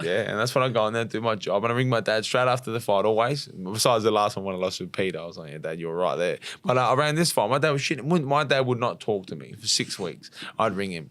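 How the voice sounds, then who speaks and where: A young Australian man, a fighter and podcast guest, chatting bluntly with lots of swearing and animated storytelling. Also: lowish voice, quick pace, no echo. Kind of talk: casual chat.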